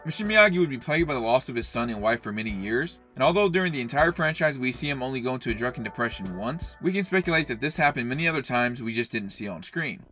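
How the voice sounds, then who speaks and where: A man's voice: medium pitch, expressive, fast talker, hardly any pauses, sharp tone, soft background music. A man narrating a scripted analytical video essay in an earnest, explanatory way.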